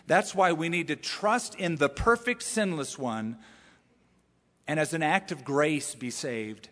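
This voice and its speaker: A male pastor delivers a sermon in an easy, conversational style, often turning to rhetorical questions. His voice sits a little higher than most men's. It echoes with the long reverb of a large church sanctuary. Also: animated, unhurried, fairly bright tone.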